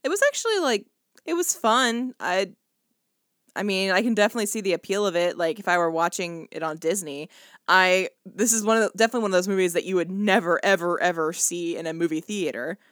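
A woman's voice: on the low side, brisk, no room sound. Chatty young woman, dry close mic. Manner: chatty, animated, lots of fillers. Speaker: podcast co-host. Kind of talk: casual chat.

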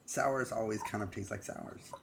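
A man's voice: on the low side, normal speed, vocal fry, a loud crowd. A man co-hosting a podcast, chatting casually and playfully about drinks. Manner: playful, jokey banter. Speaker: podcast co-host. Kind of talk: casual chat. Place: home in Boston.

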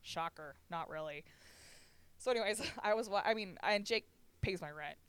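A woman's voice: medium pitch, normal speed, smooth, no echo. A young woman co-hosting a podcast, telling stories in casual chat, swearing often and laughing a lot. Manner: profane, laughing storyteller. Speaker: podcast co-host.

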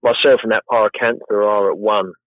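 A man's voice: fairly low pitch, steady tone, brisk, dry recording. Chatty man on a tinny call line. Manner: chatty, rambling, self-deprecating. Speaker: guest, professional gardener. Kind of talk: casual interview chat. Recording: tinny phone-like line, dry.

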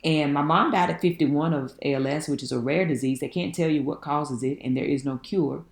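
A woman, telling her life story in an interview, folksy and animated, laughing often. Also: low voice, a little fast, gravelly. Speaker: guest. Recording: echoey room.

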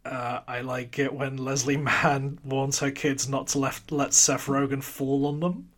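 A man's voice: medium pitch, little pitch movement, a little slow, fairly bright tone. A man co-hosting a casual film talk, laughing often as he speaks. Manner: laughs often while talking. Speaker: podcast co-host.

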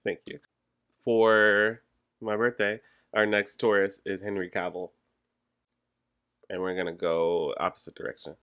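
A man's voice: on the low side, flat delivery, unhurried, long pauses, a bit bright. A man co-hosting a casual podcast, running a party word game in a playful, slightly hesitant way. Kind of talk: casual chat.

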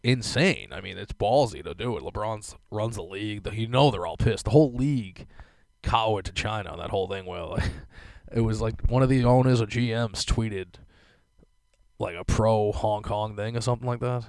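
A young podcast host rambles through a casual rant full of swearing and filler words. His voice sits lowish, gravelly yet a little mellow, at a moderate pace. No room sound is audible.

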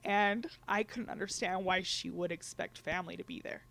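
A young woman with a slightly low voice, speaking as a guest on a conversational show. She tells her story in a relaxed, candid way, laughing now and then and taking on livelier voices when she quotes others. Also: normal speed, vocal fry. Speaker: guest sharing a personal story.

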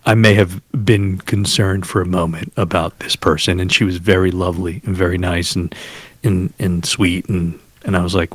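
A man's voice: sits low, little pitch movement, normal speed, dry recording. A man from the Northeast US co-hosting a podcast, talking casually in a rambling, self-mocking way and swearing freely. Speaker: podcast co-host. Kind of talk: casual chat.

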